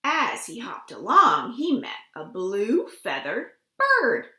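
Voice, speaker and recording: Slow, expressive woman reading stories. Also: a little high. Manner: gentle, expressive, slow read-aloud with gasps. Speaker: children's librarian. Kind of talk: children's storytime reading. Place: home. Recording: roomy home room recording.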